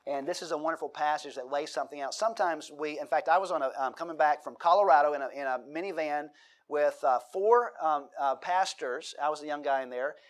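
A middle-aged man preaches a sermon, reading scripture aloud and then stopping to question his congregation. His voice sits slightly higher than most men's. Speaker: pastor.

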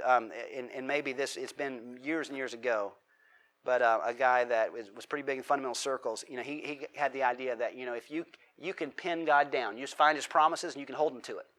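A man's voice: medium pitch, fairly bright tone. A man preaching a sermon as a pastor, talking casually, asking the congregation questions and acting out heartfelt prayers.

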